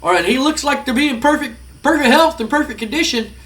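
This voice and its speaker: A man narrating his wrestling management game, excitedly acting out the wrestlers' lines and reacting to results. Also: very high voice, fast. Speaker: gaming video host. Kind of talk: narrating a wrestling sim playthrough.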